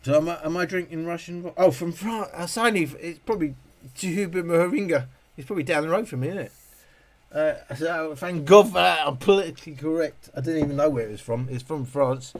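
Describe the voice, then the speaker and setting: A middle-aged man with a brisk, somewhat high voice hosts a laid-back live stream. He works through viewer comments, answering in a rambling manner with frequent restarts and self-interruptions.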